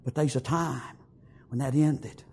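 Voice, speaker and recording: A man preaching an emotional funeral sermon in a church, repeating himself and halting, then swelling into tearful, emphatic exclamations. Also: mid-range voice, fairly even intonation, gravelly, a little mellow, breathy edge. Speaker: pastor at a memorial service. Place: church sanctuary.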